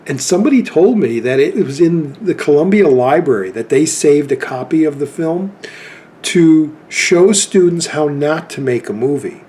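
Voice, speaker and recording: A man's voice: a little high, animated, normal speed, darkish tone. Rambling man in his fifties. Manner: rambling, anecdotal storytelling. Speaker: film collector vlogger. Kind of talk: casual chat.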